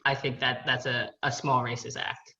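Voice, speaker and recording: A woman's voice: extremely low pitch, flat delivery, moderate pace, pushed and bright, dull audio. A woman who coaches college field hockey, talking in an earnest panel discussion and asking rhetorical questions. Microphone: video call.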